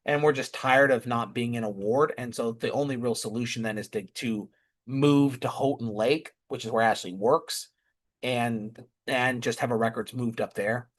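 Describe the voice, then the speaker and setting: A man's voice: mid-range voice, fairly even intonation, normal speed. A man chatting casually through a family update, rambling and often restarting and correcting himself mid-sentence. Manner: chatty, easily amused. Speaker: vlogger.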